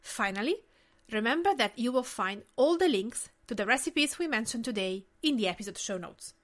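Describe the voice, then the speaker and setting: A woman's voice: fairly high pitch, animated, normal speed. A woman in her late thirties from Tuscany with an Italian accent, hosting her own podcast in a scripted, earnest and personal way. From Tuscany, Italy. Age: 30s. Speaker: podcast host.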